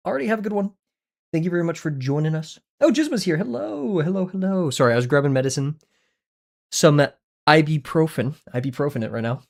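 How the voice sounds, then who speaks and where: A man's voice: on the high side, expressive, fairly quick, creaky, a little mellow. A young man chatting casually on a livestream while he draws, rambling, talking to himself, and swearing playfully. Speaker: art streamer.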